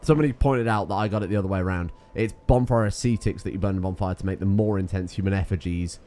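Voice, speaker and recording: Male co-host, casual sweary gaming banter, deep and dark-toned. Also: fast, a little hiss or hum. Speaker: co-host reading viewer comments.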